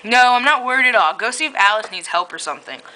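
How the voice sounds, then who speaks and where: Calm young male vampire, read by a woman, bright voice, slips into giggles. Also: on the high side, fast talker, slight background noise, poor audio. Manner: read aloud, breaking into giggles.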